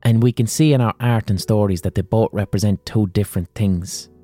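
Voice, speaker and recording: Casual, swearing Irish man with a low voice. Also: brisk, dark tone, soft background music. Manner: chatty, profane, frequent "like". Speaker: podcast host. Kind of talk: casual storytelling monologue.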